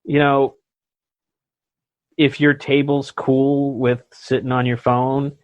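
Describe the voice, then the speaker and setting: A man's voice: medium pitch, level tone, takes it slowly, no echo. A man hosting a podcast in casual chat, joking and laughing often. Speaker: podcast host. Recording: dull lo-fi podcast audio.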